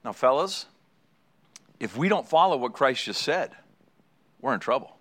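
A middle-aged man preaching a sermon, telling a story in a lively way and acting out the people in it. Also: mid-range voice, unhurried. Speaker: pastor.

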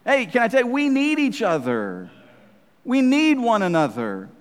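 A man preaching a sermon in a conversational, emphatic way, swinging between loud and soft. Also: very high voice, wildly swooping pitch, moderate pace, big-room sound.

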